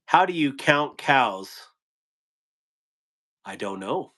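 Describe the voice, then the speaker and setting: A man of middle pitch hosts a relaxed live stream. He talks in a loose, rambling way and drops one corny dad joke after another for his viewers. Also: slow. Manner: rambling, telling corny jokes. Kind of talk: casual live stream chat.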